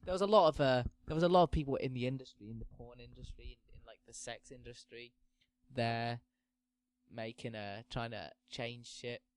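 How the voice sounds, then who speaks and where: A man ranting through a sweary comedic monologue, swinging between loud outbursts and low muttering. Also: normal speed, no room sound. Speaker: podcast host.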